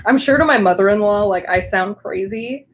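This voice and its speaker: A woman's voice: mid-range voice, normal speed, slight background noise, poor audio. Chatty young woman with a Southern Californian accent. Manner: chatty, rambling, many likes and restarts. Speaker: crafting livestreamer. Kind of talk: casual live chat while crafting.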